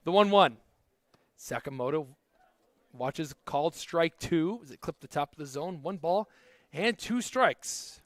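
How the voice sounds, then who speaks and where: A man calling baseball play-by-play, mixing pitch calls with jokey casual chat. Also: normal speed, no echo. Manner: jokey, conversational between pitches. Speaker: play-by-play announcer.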